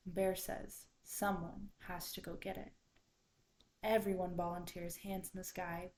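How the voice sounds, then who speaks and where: A student storyteller, a woman with a medium-pitched voice, retells a folktale from memory in a low-quality recording. She tells it expressively, dropping to a whisper at the suspenseful parts.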